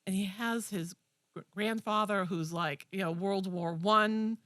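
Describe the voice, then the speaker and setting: A young woman co-hosting a community TV talk show, retelling a movie with enthusiastic, animated chat. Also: medium pitch, measured pace, dry recording, clean studio sound. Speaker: co-host. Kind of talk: casual chat.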